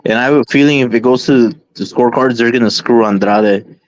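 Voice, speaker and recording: A man's voice: medium pitch, brisk. A man hosting a heated boxing panel chat, arguing back, repeating himself and restarting sentences. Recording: dull lo-fi call audio.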